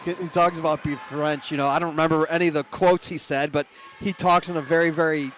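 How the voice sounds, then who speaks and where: A man's voice: a little high, steady tone, quick pace, a bit bright, slight background noise. A man doing color commentary on a hockey broadcast, chatty and laughing through rambling asides.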